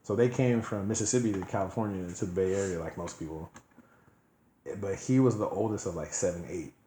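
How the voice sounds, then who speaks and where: A man with a lowish voice trades loose, slangy stories on a casual podcast. He jokes his way through each point. The room is echoey and carries a faint background hiss. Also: brisk, dark tone. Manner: loose, joking storytelling with slang. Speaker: podcast co-host. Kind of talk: casual chat.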